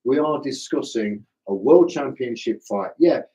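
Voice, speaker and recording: A middle-aged man with a slightly hoarse voice, hosting a live stream in a casual, self-deprecating way and chatting with viewers like old mates. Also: mid-range voice, expressive, a little slow, dark tone, lo-fi sound. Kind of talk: casual live chat reading viewer comments.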